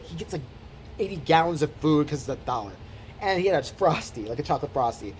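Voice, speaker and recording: Man, vlog rant, profane, sarcastic, quick, lively pitch. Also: a little hiss or hum. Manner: animated, swearing, sarcastic. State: tired from little sleep. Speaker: vlogger.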